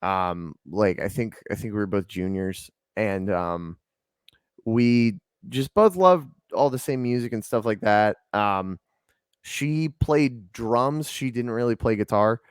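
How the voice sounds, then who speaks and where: A man's voice: fairly low pitch, takes it slowly, smooth, dry recording, clean studio sound. A man from Atlanta, a band's lead singer, chatting casually in an interview with a rambling, laid-back way of talking full of ums and likes. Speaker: lead singer and band guest.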